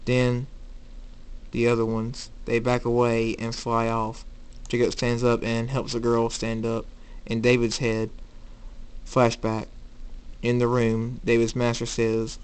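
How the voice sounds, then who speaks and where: A man's voice: mid-range voice, monotone, slow, smooth. A man narrating his own fan story in a plain reading voice, with some restarts. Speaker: fan fiction reader.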